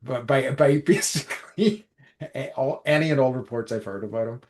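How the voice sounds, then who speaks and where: A young man from Northern Ireland co-hosts a film podcast in easygoing chat. He rambles, circling back with plenty of ums and self-corrections. His pitch sits right in the middle for a man. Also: moderate pace. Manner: rambling, many fillers and restarts. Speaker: podcast co-host. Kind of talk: casual chat.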